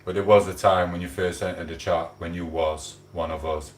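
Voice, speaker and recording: A man's voice: low voice, fairly even intonation, moderate pace. A man hosting a casual livestream at home, chatting and greeting viewers by name. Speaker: livestream host. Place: room at home. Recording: echoey room.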